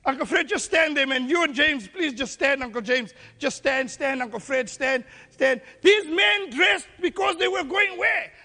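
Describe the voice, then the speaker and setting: A man's voice: very high voice, moderate pace, vocal fry, few pauses, sharp tone. A man preaching a sermon as pastor, repeating words and restarting as he questions his congregation, recorded in a church hall. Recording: echoey hall.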